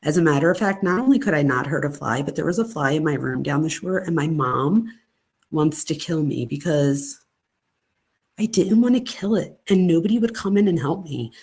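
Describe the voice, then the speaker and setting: A woman in her forties from Pennsylvania, hosting a live stream in casual chat and answering viewer comments with animated stories. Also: deep voice, moderate pace, husky. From Pennsylvania, United States.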